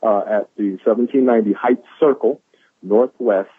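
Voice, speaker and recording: A man's voice: fairly low pitch, fairly even intonation, normal speed, husky, no room sound. A man giving an enthusiastic, preachy motivational talk on a conference call, repeating lines for emphasis. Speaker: caller sharing quotes of the day. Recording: tinny phone line.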